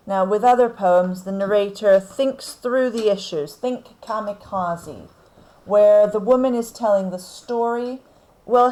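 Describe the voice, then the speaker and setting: A woman teacher, slowly talking through a poem for her class and checking in with "okay?" as she goes. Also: mid-range voice, a little mellow, rough recording. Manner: slow, deliberate explaining with frequent "okay?" checks. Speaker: English teacher. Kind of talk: recorded lesson on poetry.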